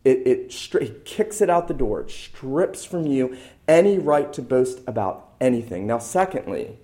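A male pastor delivering a sermon with emphatic, deliberate stress. He repeats his key lines to drive each point home, in a voice of ordinary middle pitch. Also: very animated, warm tone.

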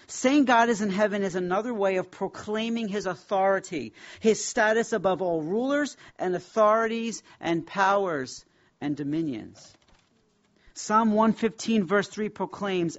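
A man's voice: sits high, lo-fi sound. Emphatic man teaching a Bible class. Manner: emphatic, reverent, with slow deliberate stresses.

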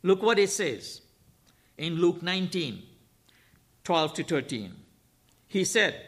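Guy preaching a sermon, pretty high voice, keeps repeating stuff for emphasis and asking the crowd questions. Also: big pitch swings, slow, pauses often, fairly bright tone. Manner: emphatic, repeats key phrases, rhetorical questions. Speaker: guest preacher.

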